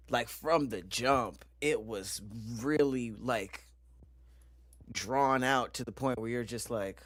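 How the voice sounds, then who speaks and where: A young man streaming a horror game, talking through laughter and swearing after a big scare. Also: medium pitch. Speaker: gaming streamer. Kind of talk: live reaction commentary.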